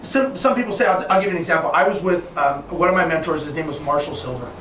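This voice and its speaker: A man guesting on a podcast, telling lively stories and acting out the dialogue. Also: a little high, fast. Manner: animated storyteller, acts out quoted dialogue. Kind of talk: storytelling in a podcast interview. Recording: roomy, distant mic, faint noise.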